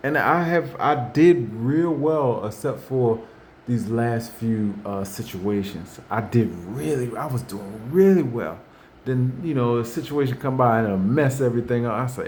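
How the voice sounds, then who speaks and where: With a creaky, darkish mid-range voice and lively intonation, a male host talks at normal speed about faith and everyday matters. He meanders, repeats and restarts himself, and acts out quotes, over a faint hiss or hum.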